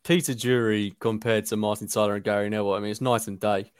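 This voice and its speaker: A man's voice: lowish voice, fairly even intonation, clear, resonant tone, no room sound, clean studio sound. A man in a casual football podcast chat, emphatic and opinionated. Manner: emphatic, opinionated, quick to get worked up.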